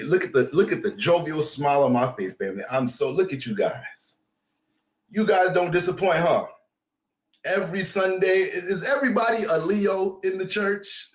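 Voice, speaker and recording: A man's voice: a little high, roomy sound. Playful man preaching a mock sermon. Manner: playful preacher-style banter, greeting viewers by name; swears casually and laughs often. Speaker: astrologer hosting a livestream. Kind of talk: playful mock church sermon to live chat.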